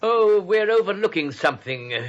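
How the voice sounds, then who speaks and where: An actor playing a polite, fussy asylum superintendent who speaks courteously and officiously in a vintage radio play. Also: male voice, high voice, expressive, moderate pace. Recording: muffled vintage radio with faint noise.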